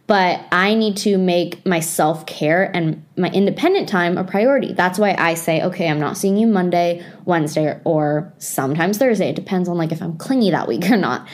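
A woman's voice: on the low side, normal speed, hardly any pauses, darkish tone. A young woman talking casually to her viewers and giving lifestyle advice. She speaks chattily, with many "like" fillers. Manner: chatty, lots of "like" fillers, self-aware. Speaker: lifestyle vlogger. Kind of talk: casual advice talk to camera.

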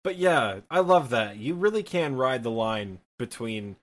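A man's voice: mid-range voice, animated. Chatty Midwestern man, rambling podcast talk. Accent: Midwestern Michigan. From Michigan, US. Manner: rambling, self-deprecating, quick laughs. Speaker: podcast co-host and streamer. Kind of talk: casual gaming podcast chat. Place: apartment.

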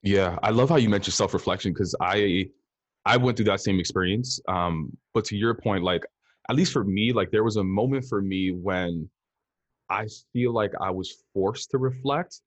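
A man's voice: fairly low pitch, normal speed, no echo. A man hosting a podcast, talking reflectively with frequent fillers and asking his guest questions. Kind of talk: casual conversation.

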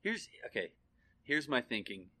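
A man's voice: medium pitch, very animated, normal speed, sharp tone. A man co-hosting a podcast in casual chat, joking and slipping into silly voices. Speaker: podcast co-host.

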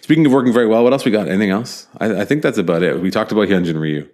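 Deep-voiced male podcast host, rambling casual sports talk. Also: rapid-fire, a little mellow. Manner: rambling, restarts, many fillers.

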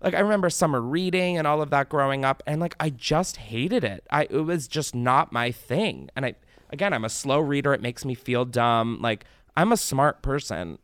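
A young man hosting a podcast, chatting casually and ranting with animated, profane exasperation. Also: mid-range voice, normal speed, clear, resonant tone, dry recording, studio quality. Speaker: podcast host.

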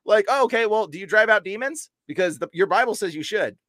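A young man as a podcast guest, telling an animated story and acting out quotes with sudden jumps in pitch. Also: quick pace, no echo. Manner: excitable, acts out quotes with big pitch jumps. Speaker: podcast guest, deliverance minister. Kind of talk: animated storytelling in casual chat.

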